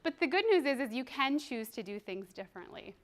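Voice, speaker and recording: Lively woman trainer giving a workshop. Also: sits high, fairly quick. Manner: animated, laughs often, acts out quoted voices. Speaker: parenting and behavior trainer. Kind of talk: workshop presentation.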